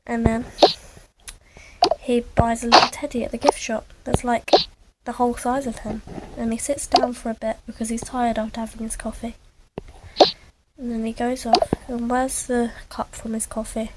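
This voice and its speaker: A woman's voice: on the high side, level tone, moderate pace, very noisy. Woman narrating a game story. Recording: loud game music behind.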